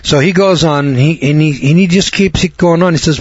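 A man's voice: on the high side, normal speed, few pauses, a little hiss or hum. A man from the United States preaching a sermon in a blunt, folksy, repetitive manner. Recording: dull lo-fi recording.

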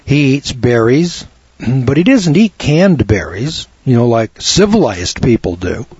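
A man's voice: mid-range voice, very animated, measured pace, darkish tone, breathy edge, dry recording. A man giving a rambling, folksy health talk to an audience, acting out quoted dialogue as he goes. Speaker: health lecturer. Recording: dull lo-fi sound.

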